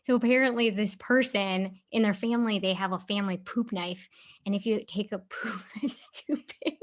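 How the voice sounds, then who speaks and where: A woman's voice: medium pitch, steady tone, moderate pace. Chatty woman podcast co-host. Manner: chatty, laughing storyteller. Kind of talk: casual chat.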